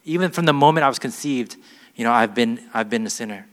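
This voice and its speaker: With long hall reverb surrounding him, a preacher reads scripture with weight before explaining it in plain, earnest words. He talks fast, in a medium-pitched voice.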